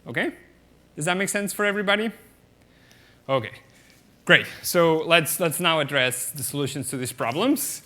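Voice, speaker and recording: A man's voice: on the high side, expressive, normal speed, long pauses, pushed and bright. A man giving a mathematics lecture at a conference, explaining step by step with many fillers and often checking the audience with "okay?".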